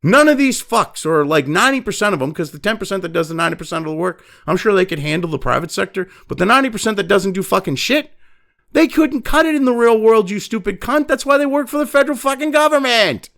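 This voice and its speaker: Gravelly, animated ranting man. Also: sits high, fast talker. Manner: angry, profane, mocking. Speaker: political commentary host. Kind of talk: profane ranting commentary.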